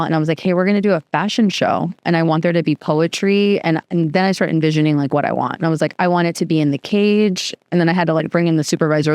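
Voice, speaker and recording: A woman guest on a podcast, telling a story in a chatty, animated way with lots of filler words. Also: low-pitched, no echo, clean studio sound. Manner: chatty, animated, fills speech with "like". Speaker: podcast guest, youth program co-founder. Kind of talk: casual interview storytelling.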